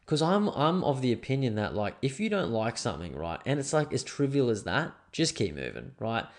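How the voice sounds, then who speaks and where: Profane rambling male podcast host. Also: lowish voice. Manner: crude, profane, rambling, self-deprecating. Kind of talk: casual solo podcast monologue.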